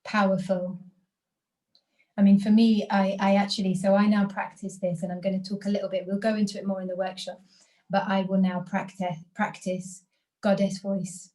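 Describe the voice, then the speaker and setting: A woman leading a guided group workshop over a video call, speaking in a calm, encouraging way that invites reflection. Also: mid-range voice, normal speed, low-quality recording. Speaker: workshop facilitator.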